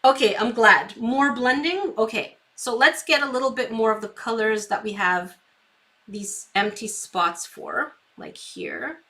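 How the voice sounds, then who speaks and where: Her voice is a little high, bright and forceful, and she takes her time. While painting live for her stream, she talks to herself and her viewers, reads out their comments, and giggles often.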